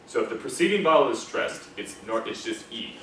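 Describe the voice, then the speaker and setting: A man's voice: medium pitch, lively intonation, brisk, sharp tone. A man teaching a classroom diction lesson on British pronunciation for singers, conversational and demonstrating vowel sounds aloud, often checking that students follow. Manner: conversational, checks understanding with frequent "okay?" and "right?". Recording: echoey room, mic far off, faint noise.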